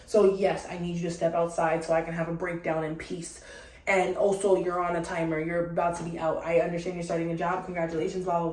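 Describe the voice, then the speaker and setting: A young woman venting to her viewers in a frustrated, animated way, speaking. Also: lowish voice. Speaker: vlogger. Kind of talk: casual venting monologue. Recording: echoey room, some distance from the mic.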